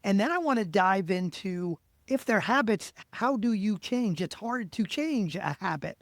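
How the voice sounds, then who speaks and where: A man's voice: high-pitched, lively intonation, measured pace, no echo, clean studio sound. A man hosting a podcast interview, asking questions in a conversational way and sometimes searching for words. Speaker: podcast host.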